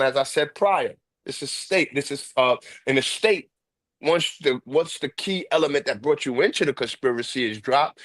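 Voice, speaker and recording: A man's voice: fairly high pitch, a bit bright, no echo. Harsh-toned New York man. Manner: harsh, aggressive street talk. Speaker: host. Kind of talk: casual storytelling.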